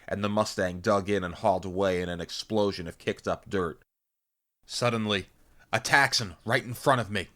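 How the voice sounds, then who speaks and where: A man narrating an action-packed novel in first person, intense and punchy, voicing loud sound effects. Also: sits low. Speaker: audiobook reader.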